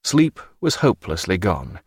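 A man reads a novel aloud in a measured, expressive way. His pitch moves a lot across each line. The recording is dry and close. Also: husky, dry recording. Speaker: narrator. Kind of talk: audiobook narration.

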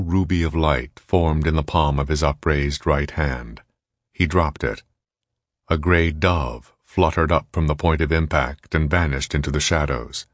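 A man narrating an audiobook in an even, measured reading. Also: extremely low pitch, dry recording, studio quality. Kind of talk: scripted narration.

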